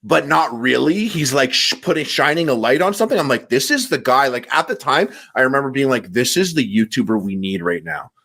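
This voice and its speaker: Animated man telling stories on a podcast. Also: mid-range voice, a little fast, hardly any pauses. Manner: animated storyteller, acts out quotes. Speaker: podcast guest. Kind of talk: casual chat.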